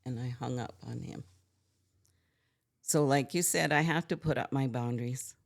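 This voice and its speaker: Very low, gravelly older woman. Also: moderate pace. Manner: earnest, frank, emphatic. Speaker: podcast guest. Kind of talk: candid conversational storytelling.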